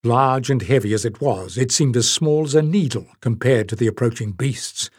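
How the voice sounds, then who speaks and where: A man reading an audiobook in steady, measured scripted narration. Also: mid-range voice, breathy edge, no room sound, studio quality.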